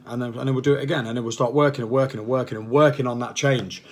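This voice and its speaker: A man's voice: mid-range voice, steady tone, rapid-fire, few pauses. A man, a fitness coach, talking casually and passionately to camera, rambling and firing off repeated questions. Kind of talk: casual motivational talk to camera.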